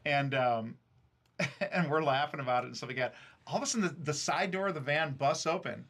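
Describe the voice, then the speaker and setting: Bright-voiced man telling profane stories. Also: on the high side, brisk. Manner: profane, animated anecdote telling with frequent fillers. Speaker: streamer and band frontman. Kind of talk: casual storytelling chat. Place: recording studio.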